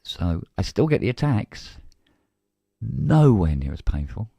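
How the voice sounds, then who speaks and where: A man's voice: fairly low pitch, sing-song, measured pace, gravelly, warm tone, slightly rough, no echo. A man with a British accent, co-hosting a casual live-stream chat and telling a story by acting out both sides of a conversation. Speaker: co-host.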